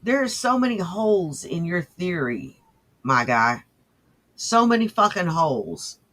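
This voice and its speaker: A man's voice: high voice, very animated, unhurried, sharp tone. A man hosting a profane reaction show, mocking and sarcastic as he talks back to clips. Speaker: host.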